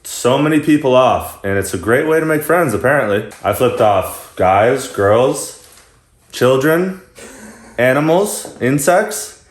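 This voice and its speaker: A man in his vlog, talking in a loose, chatty way and breaking into laughter again and again. His voice sits in an ordinary middle range. The sound has a clear room echo around it. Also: medium pitch, animated, slow, a little hiss or hum. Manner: chatty, laughs often mid-story. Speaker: vlogger. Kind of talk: casual storytelling to friends.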